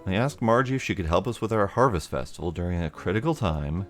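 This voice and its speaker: A man's voice: low voice, animated, fast talker. A man voicing a polite, worried woman mayor of a small village, reading game dialogue aloud in a slightly raised voice. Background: faint game music.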